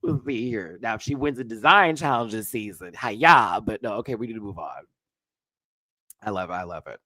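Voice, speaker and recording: A man's voice: lowish voice, lively intonation, a little fast, bright, forceful tone, no echo. A man hosting a live review show, giving sassy, playful commentary full of slang. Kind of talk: animated commentary on a reality show.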